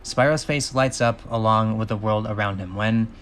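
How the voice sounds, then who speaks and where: A man's voice: on the low side, normal speed, fairly bright tone, a little hiss or hum. A man reading a film script aloud as a channel host, with dry sarcastic asides.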